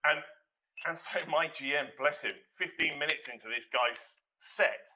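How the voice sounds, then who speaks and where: A man telling a rambling, animated anecdote in a casual chat and acting out the voices of the people in it. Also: on the high side, moderate pace, low-quality recording. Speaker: hospitality manager guest.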